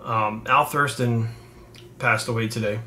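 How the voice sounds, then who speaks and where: A man's voice: medium pitch, steady tone, a little slow, sharp tone. A man in his forties from New England, telling a casual story to camera in a rambling, profane way with many fillers. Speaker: fitness coach.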